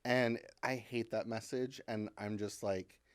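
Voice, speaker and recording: A woman from Kentucky, a comedian and writer, talking as a podcast guest in casual chat. She is animated and self-deprecating, laughs often, and uses many fillers. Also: extremely low pitch, a little slow, dry recording. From Kentucky, USA. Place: podcast studio.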